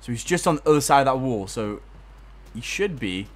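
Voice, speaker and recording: A man's voice: medium pitch, expressive, brisk, a little hiss or hum. A young man giving casual gameplay commentary, frustrated, swearing a lot and laughing at himself.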